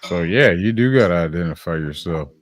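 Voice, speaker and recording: A man's voice: low-pitched, lively intonation, a little fast, dry recording, clean studio sound. A man giving crude, sarcastic running commentary while reacting to a video as the host.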